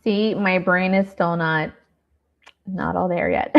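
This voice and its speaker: A woman's voice: lowish voice, steady tone, takes it slowly, creaky. A woman hosting a grief masterclass as a nurse, talking in a raw, rambling, heartfelt way with lots of fillers. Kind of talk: candid live online talk. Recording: dull lo-fi stream audio.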